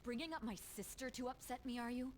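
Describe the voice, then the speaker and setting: An actress playing a cold, distrustful adult woman in a video game, clipped and sharp. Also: a little high, quick pace, lightly acted. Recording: game audio with music behind.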